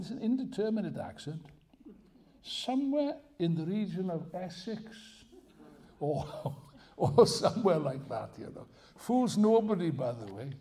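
A man's voice: high-pitched, creaky, dark tone, slightly rough. An older man giving a live lecture to an audience, emphatic and digressive, with wry asides and jokes. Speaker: speaker at a political festival.

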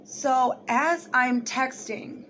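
A woman's voice: sits high, extremely slow, a little hiss or hum. A young woman telling a personal story to the camera in a rambling, casual way, full of "like" and "you know". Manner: rambling, heavy use of "like", animated retelling. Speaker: vlogger.

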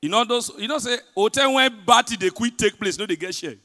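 A man with a Nigerian accent performing a stand-up comedy set in pidgin, telling stories with big swings between loud punchlines and hushed asides. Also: high voice, a little fast. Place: large hotel event hall. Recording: live hall reverb.

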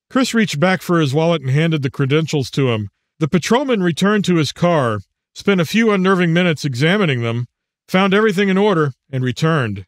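A man narrating his own audiobook in a measured, even storytelling manner. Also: fairly high pitch, no echo, clean studio sound.

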